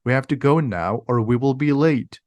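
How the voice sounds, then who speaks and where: A loyal but impatient schoolboy wizard who speaks bluntly, read out by a man. The storybook voice sits close to the reader's own pitch, with a dry, close sound. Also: moderate pace, darkish tone, no room sound, natural voice.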